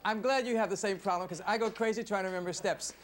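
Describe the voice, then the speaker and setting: A man interviewing a dancer in a relaxed, halting way, often pausing and restarting his sentences. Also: high-pitched, loud music behind the voice. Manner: halting, many fillers and restarts. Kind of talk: casual interview.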